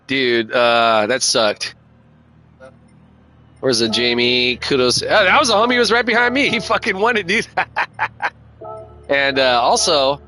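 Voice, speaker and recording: A man's voice: mid-range voice, bright, forceful tone, poor audio. A man streaming a racing game, talking in a laid-back, slangy and profane way and calling everyone dude and man. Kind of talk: casual live-stream chat.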